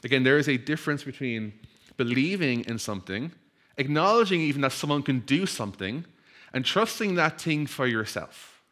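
A man preaching a morning sermon, mixing an easygoing story with scripture. His voice sits at an ordinary pitch. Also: expressive. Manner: storytelling, acts out crowd voices, laughs easily; hushed, slow prayer. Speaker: pastor.

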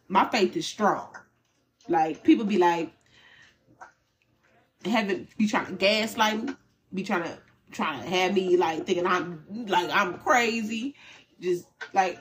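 Candid woman giving a tarot reading. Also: medium pitch. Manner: animated and candid, with slang and swearing. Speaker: tarot reader. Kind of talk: casual spiritual reading.

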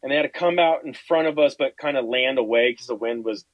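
Male podcast host, animated and profane, acts out quotes; dry, slightly lo-fi recording. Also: medium pitch, quick pace, dry recording. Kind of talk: casual storytelling chat.

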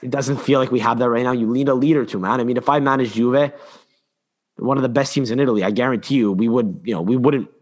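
A man's voice: mid-range voice, fast talker. A man co-hosting a football podcast in casual chat, opinionated and rambling, often repeating words and restarting his sentences. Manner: opinionated, animated. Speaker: podcast co-host.

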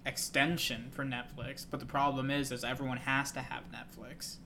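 A man's voice: mid-range voice, flat delivery, normal speed, noisy background. A man co-hosting a fighting-game podcast in casual chat, laid-back, swearing freely and trailing off with ums. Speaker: podcast co-host.

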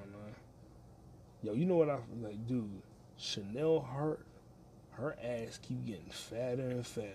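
A man's voice: fairly low pitch, darkish tone, a little hiss or hum. A man hosting a crude solo podcast from his home kitchen, rambling, swearing constantly and laughing at his own jokes. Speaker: podcast host.

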